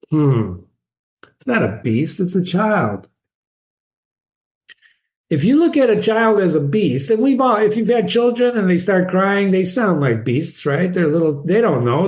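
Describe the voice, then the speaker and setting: A literature teacher with a fairly high, darkish voice talks students through a short story in a relaxed way. He reads quoted lines aloud and keeps tossing out rhetorical questions, often tagging on a chatty "right?"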